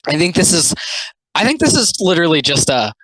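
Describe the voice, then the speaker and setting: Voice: mid-range voice, sing-song, a little fast, a bit bright, no echo, low-quality recording. A speaker giving casual, rambling, sarcastic commentary on comics, full of filler words. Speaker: commentary host.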